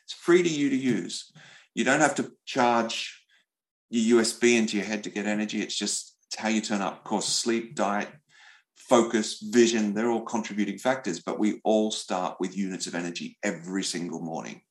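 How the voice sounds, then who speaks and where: A middle-aged man speaking as an interview guest, telling stories in an animated way, often repeating words as he goes. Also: lowish voice, moderate pace, rough recording. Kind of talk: conversational storytelling.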